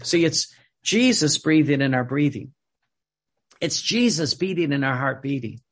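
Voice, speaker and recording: A male preacher with a gravelly, husky voice pitched a little high. He preaches emphatically, repeating phrases and restarting sentences as he builds his point. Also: expressive, unhurried, fairly bright tone. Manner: repetitive, emphatic, with many restarts. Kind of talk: sermon.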